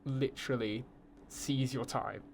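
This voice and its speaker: A man's voice: medium pitch, steady tone, unhurried, crowd noise. A young man in his twenties with an English accent, a student guest chatting animatedly on a podcast with lots of fillers. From England. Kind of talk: casual podcast chat.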